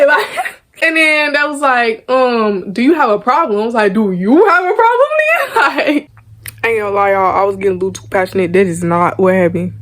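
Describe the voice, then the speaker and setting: A young woman, chatting casually as she tells a storytime vlog, animated and laughing often. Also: medium pitch. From Arkansas, US. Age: young adult. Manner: animated, laughs often, acts out quoted lines. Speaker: vlogger.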